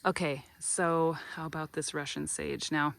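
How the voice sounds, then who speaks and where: A woman's voice: sits low, little pitch movement, a little slow, gravelly, fairly bright tone. A woman giving a casual, chatty walkthrough of her flower garden, gushing over the blooms and a little tired and out of breath after a long drive. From American Midwest. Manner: chatty, gushing about flowers, many ums. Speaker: garden vlogger. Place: outdoor garden on a summer evening. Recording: faint outdoor ambience with crickets.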